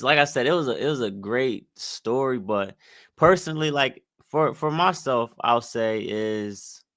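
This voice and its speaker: A man's voice: mid-range voice, a bit bright, no room sound, clean studio sound. A man hosting his channel, reacting to an interview clip in a loose, reflective way, with lots of fillers. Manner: loose, reflective, full of fillers like "like" and "mind you". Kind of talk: commentary on a video.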